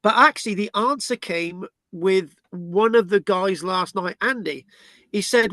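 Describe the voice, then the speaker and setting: British male archaeology presenter, fairly high voice, rambling, dry close sound. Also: unhurried, sharp tone, no room sound. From Britain. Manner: rambling, with restarts and tag questions. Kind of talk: explaining a site plan.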